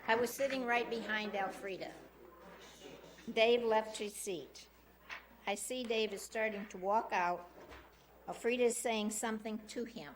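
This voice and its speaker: A woman's voice: fairly high pitch, measured pace, long pauses, slight background noise. A woman giving a public comment at a city council meeting, insistently recounting an incident in detail from a podium microphone.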